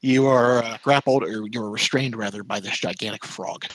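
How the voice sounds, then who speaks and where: A man's voice: on the low side, normal speed, fairly bright tone, rough recording. A man narrating a tabletop game as game master, hesitant and often correcting himself on the rules, over online voice chat.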